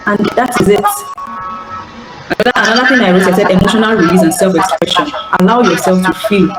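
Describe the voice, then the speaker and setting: An earnest healing coach gives a live online teaching talk over call audio, speaking fast in a mid-range voice, repeating phrases and stammering when she restarts. The echoey, noisy call audio plays over loud music.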